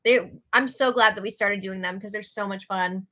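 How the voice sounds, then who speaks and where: An American woman co-hosting a casual live stream, chatty and excitable, reading out viewer comments and laughing often. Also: mid-range voice, moderate pace. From United States.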